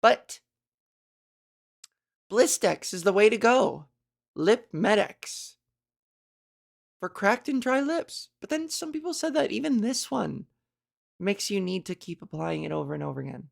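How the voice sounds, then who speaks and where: A woman's voice: mid-range voice, expressive, a little slow, creaky, pauses often. A woman comedian hosting a solo podcast, rambling and self-mocking, with lots of fillers.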